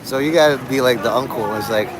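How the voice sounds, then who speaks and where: Brief: male streamer, rambling talker, laughs a lot, middle pitch, clear street noise and traffic behind him. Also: quick pace. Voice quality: meandering, laughs often between thoughts. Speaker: livestreamer. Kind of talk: rambling live-stream chat.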